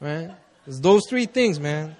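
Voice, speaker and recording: A young man preaching at a prayer meeting, telling stories in a loose, conversational way, often laughing and jumping up in excitement. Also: fairly high pitch, slow pace. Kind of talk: casual sermon with storytelling.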